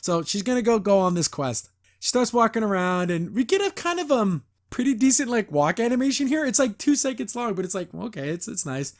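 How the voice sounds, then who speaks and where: Male podcast host, slightly high voice, loose and opinionated reaction commentary with lots of restarts. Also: very animated, fairly quick. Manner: rambling, opinionated, restarts and fillers; mimics characters when retelling scenes. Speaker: podcast host reviewing a cartoon.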